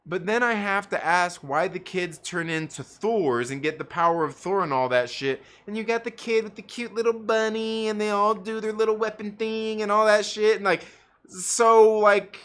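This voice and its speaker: A man's voice: high-pitched, measured pace, fairly bright tone, smooth. A man ranting in casual livestream commentary, profane and rambling, full of fillers and restarts. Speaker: livestream co-host; parent.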